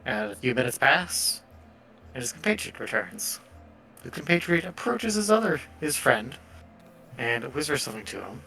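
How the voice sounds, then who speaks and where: A man narrating a tabletop game as game master, relaxed and hesitant, with frequent fillers. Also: medium pitch, normal speed, creaky, slight background noise.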